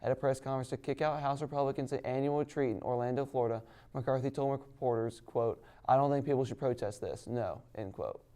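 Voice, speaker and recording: A man anchoring a news show, reading each item in a steady, even manner. His voice is mellow and dark, with a smooth, resonant clarity. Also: mid-range voice, brisk, hardly any pauses.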